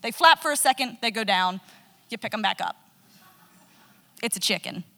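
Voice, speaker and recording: A young woman telling a funny personal story, animated and self-mocking, laughing at herself as she goes. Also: mid-range voice, moderate pace, creaky, slight background noise. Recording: long reverb.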